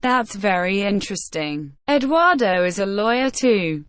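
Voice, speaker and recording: A woman voicing a soft-spoken, doting young woman in red in a storybook reading, coaxing and gentle. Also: mid-range voice, sing-song, unhurried, clean tone, dry recording. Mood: soothing.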